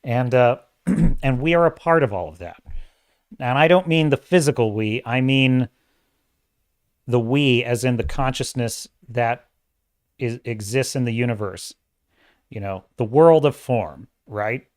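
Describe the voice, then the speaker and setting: A man's voice: mid-range voice, a little slow, pauses often. A man hosting a livestream, chatting casually and rambling, laughing often and reading out viewer comments. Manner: rambling, animated, laughs often, reads chat aloud. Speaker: livestream host.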